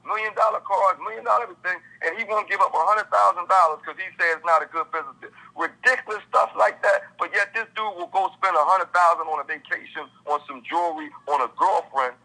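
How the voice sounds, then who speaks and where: An author being interviewed talks passionately in casual slang, acting out his friends' dialogue and his characters with animation. His high voice is pushed and bright with vocal fry, moving at a quick pace with few pauses. The audio is poor.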